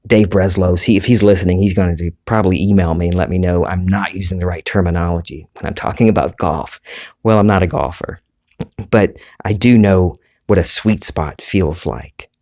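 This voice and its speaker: A man with a Southern US accent and a low, deep voice hosts his own podcast. He talks at an easy, unhurried pace, musing aloud and correcting himself as he goes. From Southern United States. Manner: relaxed, conversational, rambling with self-corrections. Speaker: podcast host. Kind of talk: reflective solo podcast monologue.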